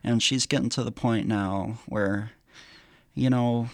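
A man's voice: mid-range voice, fairly even intonation, no room sound, clean studio sound. A man co-hosting a radio show, chatting casually and hesitantly with restarts. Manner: hesitant, many restarts and pauses. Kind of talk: casual chat. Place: radio studio.

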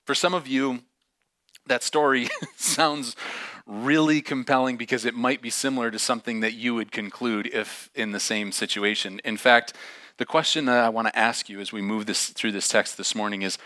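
Bright-voiced man preaching a story sermon. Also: mid-range voice, moderate pace, no echo. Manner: animated, acts out dialogue in raised voices; casual and conversational with frequent fillers. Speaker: pastor.

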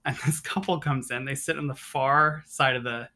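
A guest on an interview show tells a story with lots of energy and frequent laughter, slipping into the voices of the people they met along the way. The pitch sits in a middle range that is hard to place. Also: moderate pace. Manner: animated, laughs often, acts out the people in the story. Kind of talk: casual storytelling.

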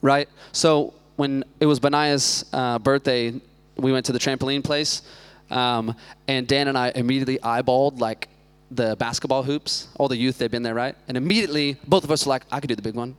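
A man in his thirties preaching a relaxed sermon, full of quips and side jokes. His voice is smooth and clear, at a middle pitch for a man. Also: moderate pace. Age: 30s. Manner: joking, chatty asides. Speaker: youth pastor. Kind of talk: casual sermon.

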